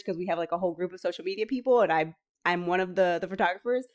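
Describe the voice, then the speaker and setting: A woman with a fairly low voice reads a list of grant benefits aloud. She keeps stopping to add casual, enthusiastic remarks to her viewers. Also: fast. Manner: enthusiastic, chatty asides, bursts of excitement. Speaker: small business funding vlogger. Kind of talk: reading out grant details with casual commentary.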